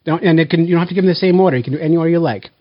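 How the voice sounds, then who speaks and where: A man hosting a blindfolded family taste test in a casual, playful way, counting down loudly before each bite. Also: fairly high pitch, racing, dry recording, lo-fi sound. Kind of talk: casual family vlog chat.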